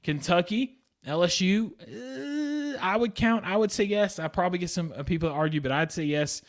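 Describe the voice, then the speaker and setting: A man's voice: high voice, a little fast. Fired-up young man ranting on a podcast. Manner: heated, repetitive, exasperated. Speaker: podcast host. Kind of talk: solo sports podcast rant.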